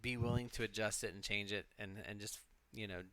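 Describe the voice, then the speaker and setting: Here the witchcraft stream co-host speaks in a lowish, slightly bright voice with fairly even intonation, moving at a fairly quick clip. His talk is loose, reflective rambling, with plenty of swearing and frequent restarts.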